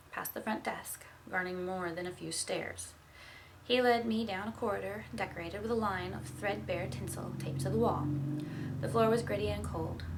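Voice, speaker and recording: A woman's voice: medium pitch, background noise. A woman reading a novel aloud, narrating expressively in the first person. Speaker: audiobook reader. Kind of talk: storybook reading.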